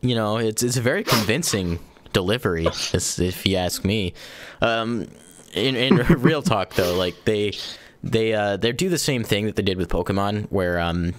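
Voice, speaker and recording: A young adult man hosting a casual podcast, telling stories in an animated, rambling way and laughing often. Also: fairly low pitch, normal speed. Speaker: podcast host.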